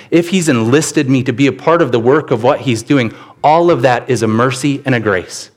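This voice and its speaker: Preaching in a medium-pitched voice, a middle-aged pastor tells stories during his sermon and imitates the voices of the people involved.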